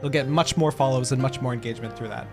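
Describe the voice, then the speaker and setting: A man chatting casually on a live stream while gaming, excitable and quick to laugh. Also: medium pitch, music in the background.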